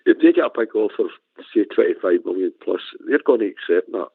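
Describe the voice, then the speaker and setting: Lower man on a tinny phone. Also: expressive, creaky, no room sound. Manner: measured, lots of you know. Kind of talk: casual phone-in chat.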